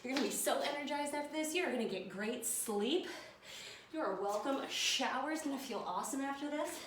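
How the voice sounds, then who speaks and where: A breathless woman coaching a workout, panting between cues and counting down to keep people going. Her voice sits a little high and comes from some distance, in an echoey room with clear noise behind her. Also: animated, fairly quick. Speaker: fitness instructor. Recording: echoey room from far off, noisy.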